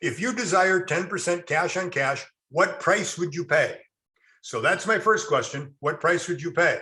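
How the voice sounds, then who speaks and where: Bright-voiced, folksy real estate instructor. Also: male voice, on the high side, normal speed. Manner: animated, folksy storyteller, addresses class directly. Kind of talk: classroom teaching with anecdotes.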